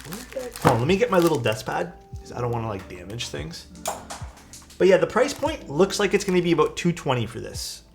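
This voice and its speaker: A man casually chatting as a live streamer while building a keyboard, rambling and relaxed, often saying "dude". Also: a little high, brisk, gravelly, over music. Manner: laid-back, rambling, peppered with "dude" and "like".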